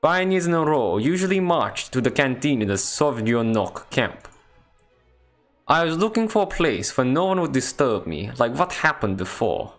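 A man reads a visual novel aloud for a playthrough, narrating in a playful mock Russian accent. His voice moves lively up and down, and he breaks off for wry jokes, with faint music behind. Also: mid-range voice, normal speed. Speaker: let's play host.

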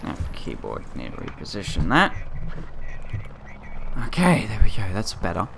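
A man with a low-pitched voice talks casually over his gameplay. He mutters to himself and reacts with exclamations. Gunfire from the game plays clearly behind him. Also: wildly swooping pitch, normal speed, heavy background noise. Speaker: gamer. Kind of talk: casual let's play commentary.

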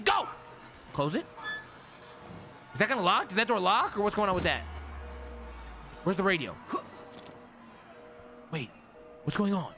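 A young man streams a horror game in a high, restless voice that leaps all over the place. He swears freely, calls his chat "gang," and hushes to a whisper when he gets scared. Game music plays clearly behind him. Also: very animated, moderate pace, pauses often. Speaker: gaming streamer. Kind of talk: live horror game commentary.

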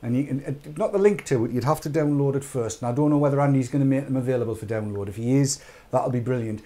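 A man's voice: medium pitch, quick pace, warm tone. A British man hosting a live online chat show, rambling and urging viewers on with jokey asides. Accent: British English.

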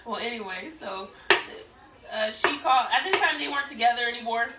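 Animated high-voiced woman telling a story. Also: fairly quick, heavy background noise. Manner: animated, laughing, acts out quoted people loudly. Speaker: vlogger. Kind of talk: casual storytelling. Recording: echoey room, mic at a distance.

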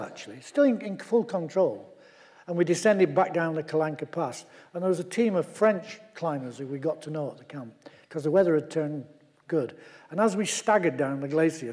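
Older man, fairly high voice, halting stage storytelling, fillers, long hall reverb. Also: warm tone. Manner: chuckling, halting, full of fillers. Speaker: mountaineer speaker at memorial event. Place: large lecture hall.

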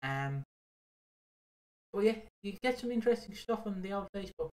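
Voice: medium pitch, lively intonation, normal speed, darkish tone. A podcast co-host chatting casually, rambling through stories with frequent restarts, laughter and swearing. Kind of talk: casual chat.

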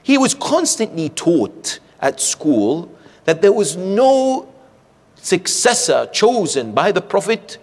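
A man giving a religious lecture at a community centre, telling stories in an animated, rhetorical way and checking in with his listeners. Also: fairly high pitch. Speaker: sheikh lecturing a congregation. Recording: echoey hall.

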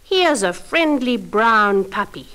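Woman playing a helpful shopkeeper man, cheery, storybook voice, bouncy pitch. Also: big pitch swings, takes it slowly, pushed and bright, exaggerated voice. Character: friendly male pet shop keeper. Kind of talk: children's story record.

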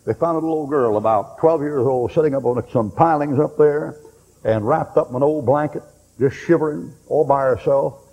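An older man preaching a sermon, telling folksy war stories and breaking into loud bursts. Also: a little high, moderate pace, husky. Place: church hall. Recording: long hall reverb.

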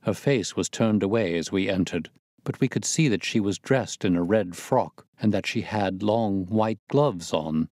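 A male narrator reads a classic mystery in a steady, measured way. His voice sits low, and the recording is close and dry. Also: no echo. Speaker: audiobook narrator. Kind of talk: scripted narration.

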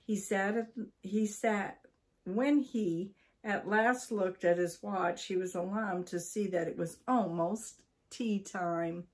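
An older woman from Maine reads a children's story aloud. She takes it slowly and deliberately, pausing between phrases. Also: mid-range voice, a little mellow. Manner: slow, deliberate reading.

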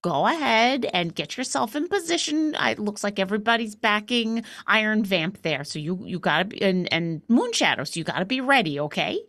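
A woman's voice: medium pitch, expressive, a little fast, few pauses, fairly bright tone. A woman playing a tabletop game, coaxing and hesitant with many fillers. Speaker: player. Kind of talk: in-character play and casual chat.

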